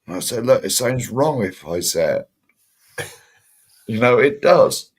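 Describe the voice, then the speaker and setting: A man co-hosting a casual pub chat show, friendly and animated, calling everyone mate. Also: medium pitch, a little slow. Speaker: podcast co-host.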